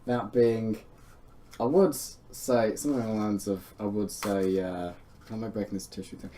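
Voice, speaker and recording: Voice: medium pitch, steady tone, normal speed, mellow, slight background noise. A speaker chatting casually, rambling and trailing off while helping a friend record. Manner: giggly, rambling, trails off mid-sentence. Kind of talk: casual chat.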